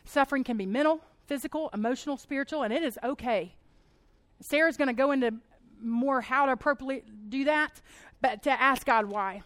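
High-voiced chatty woman preaching. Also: a little fast, no room sound. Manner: chatty, animated, laughs often. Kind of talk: casual sermon talk.

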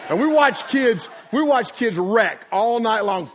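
A middle-aged man preaching to a congregation in a high, bright voice. He tells folksy stories with plenty of energy. He breaks into laughter and sound effects as he goes. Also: normal speed, few pauses. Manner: folksy, animated, laughs at his own stories, acts out sounds. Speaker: pastor. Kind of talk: energetic sermon storytelling. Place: church before a congregation.

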